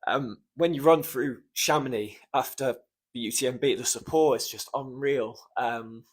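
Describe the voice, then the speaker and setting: A young man hosting a casual solo podcast, choked up and close to tears as he rambles, swearing often and filling pauses with ums. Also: mid-range voice, slightly rough. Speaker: podcast host.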